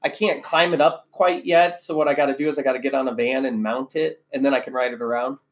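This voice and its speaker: A man from Iowa, relaxed and jokey, chatting as an interview guest. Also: mid-range voice, fast. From Cedar Rapids, Iowa. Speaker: school staff member, interview guest. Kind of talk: casual interview chat.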